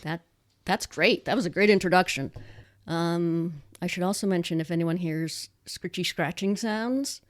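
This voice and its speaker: Chatty Nova Scotian woman, lowish voice. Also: normal speed. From Canada. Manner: chatty, laughs easily, many restarts. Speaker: podcast co-host. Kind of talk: casual podcast chat. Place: home.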